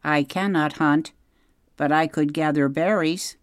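A gentle storybook robot woman, as a reader puts her on, speaking in even, literal sentences at an unhurried pace. The reading is close and dry, a little above the reader's own pitch. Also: no room sound, natural voice. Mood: calm. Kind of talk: storybook read-aloud.

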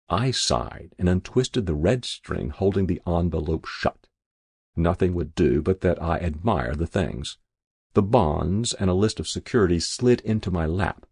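A man's voice: sits low, big pitch swings, unhurried, vocal fry, darkish tone, breathy edge, no room sound. A man reading a first-person story aloud in a dry narrator's voice. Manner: dry first-person narration, voicing each figure lightly.

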